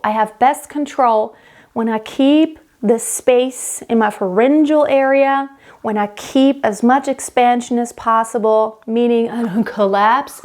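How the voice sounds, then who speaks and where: Woman singing teacher, slightly high voice. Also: a little mellow. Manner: explanatory, demonstrates sounds mid-sentence. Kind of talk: vocal technique lesson.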